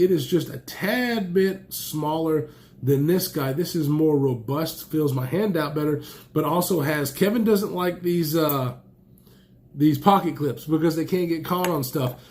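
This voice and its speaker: Excitable man unboxing gear, allergy-stuffed. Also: on the high side, measured pace. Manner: enthusiastic, rambling, exclaims often. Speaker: knife and gear reviewer. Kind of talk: casual unboxing chat.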